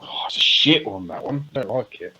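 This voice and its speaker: A man co-hosting a casual podcast, his pitch sitting in an ordinary middle range. He teases his co-host and jokes around, swearing freely. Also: animated, normal speed, sharp tone, husky, rough recording. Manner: teasing, jokey, swearing freely. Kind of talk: casual chat.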